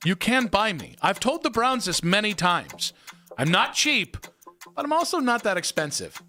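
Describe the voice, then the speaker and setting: A man's voice: sits high, sing-song, normal speed, pushed and bright, faint music behind. A man hosting a sports talk radio show, joking and sarcastic in casual banter.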